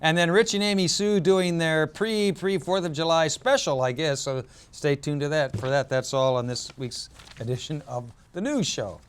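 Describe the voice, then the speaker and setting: A man hosts a community news program and reads the local stories. He keeps it loose and joking, fills pauses with "uh" and corrects himself as he goes. His voice is going hoarse. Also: a little high, a little hiss or hum. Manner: relaxed, joking, with fillers and self-corrections. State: losing his voice. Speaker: news show host.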